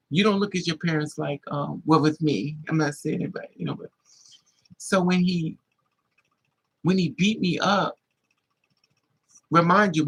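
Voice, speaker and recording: Guy vlogging his story, raspy and gravelly, kinda high voice, lots of cussing and emphasis. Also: rough recording. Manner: animated, emphatic, profane storytelling. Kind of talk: casual personal storytelling.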